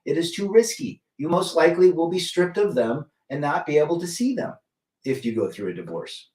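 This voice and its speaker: Slightly high-pitched yet darkish in tone, a middle-aged livestream host talks fairly quickly and animatedly. He greets chatters by name and offers blunt opinions in a casual setting, captured by a distant mic with a roomy echo.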